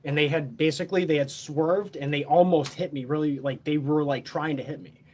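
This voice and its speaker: A man's voice: a little high, fairly even intonation, brisk, a little mellow, slight background noise. A man telling a story in a casual, boastful, heavily profane, rambling way.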